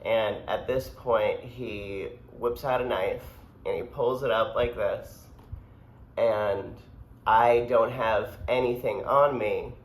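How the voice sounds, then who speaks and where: Brief: unhurried, lowish-voiced man, rambling casual storyteller, echoey room. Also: fairly even intonation. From United States. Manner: laid-back, rambling, filler-heavy. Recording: echoey room, faint background hum.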